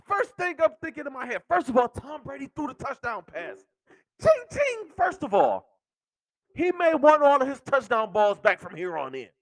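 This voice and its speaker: This is a man's excitable sports rant on his podcast, peppered with curses and laughter, at a normal speed. His strikingly high voice swings up and down in lively leaps, and the recording sounds dry and close, with no echo.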